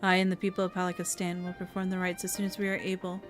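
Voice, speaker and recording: A woman voicing a composed village leader in a fantasy game, speaking in a solemn, formal, steady way. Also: fairly low pitch, rapid-fire, faint music behind, lightly acted.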